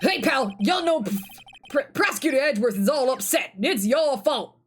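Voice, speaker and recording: Woman voicing a blustery Southern detective guy for a game read, lively pitch swings. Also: moderate pace, faint music behind. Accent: put-on Southern US. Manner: blustery, says "pal" a lot. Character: gruff Southern male police detective, bumbling.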